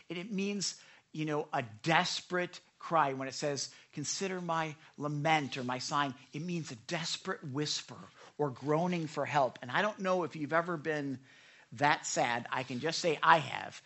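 Bright-voiced earnest pastor preaching. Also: mid-range voice, moderate pace. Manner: earnest and repetitive, acting out prayers in whispers and loud cries. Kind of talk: conversational sermon teaching.

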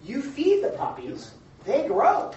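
A pastor delivering an animated, emphatic sermon to his congregation, often repeating words as he drives a point home. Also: very high-pitched, slow pace. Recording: echoey hall from a distant, dull mic.

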